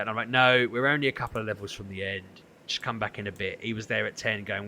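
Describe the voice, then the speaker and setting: A man's voice: fairly low pitch, a little fast, a little hiss or hum. A man, co-hosting a podcast, telling a story in casual chat and acting out what people said. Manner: animated storytelling, acts out quotes. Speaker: podcast co-host.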